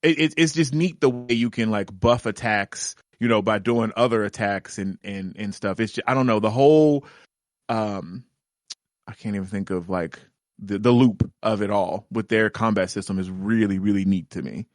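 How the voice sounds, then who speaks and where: A man's voice: fairly low pitch, normal speed, no echo. Rambling man chatting about games, dry mic. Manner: rambling, lots of fillers and restarts, laughs easily. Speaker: podcast co-host. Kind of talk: casual gaming podcast chat.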